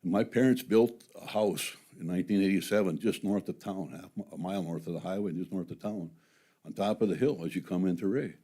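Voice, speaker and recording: A man's voice: low voice, brisk, warm tone, slightly rough. A resident man giving blunt public comment at a county meeting. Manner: blunt, complaining.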